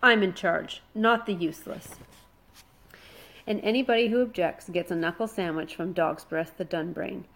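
A commanding young Viking bully barks and sneers at the boys around him in this storybook scene. His voice pushes a little louder and higher than the reader's own, as a woman puts him on. His manner is menacing and full of himself. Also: steady tone, moderate pace. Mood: bossy. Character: bossy bullying Viking boy, loud. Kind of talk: storybook reading.

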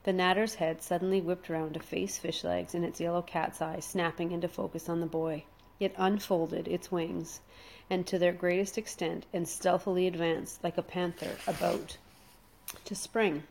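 A woman reading a children's adventure story aloud, dramatic and slowing down for suspense. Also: on the low side, level tone, gravelly, a little mellow. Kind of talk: expressive storybook read-aloud.

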